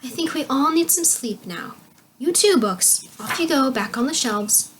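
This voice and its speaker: A woman puts on a gentle mother turned into a black pig, speaking softly and fondly in a raised, sweet voice. Storybook read-aloud, calm and affectionate. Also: high-pitched, moderate pace, noisy background, voice pushed up. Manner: soft, affectionate, sighing.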